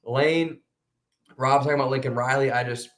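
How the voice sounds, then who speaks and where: A man co-hosting a sports podcast, talking casually in an animated, emphatic way with quick restarts. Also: mid-range voice.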